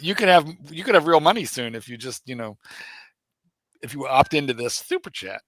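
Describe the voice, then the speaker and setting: A man co-hosts a casual livestream and teases his partner with lively banter and frequent laughter. His voice is bright, slightly high and swings widely in pitch, recorded close and dry. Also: moderate pace, no room sound. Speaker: livestream co-host.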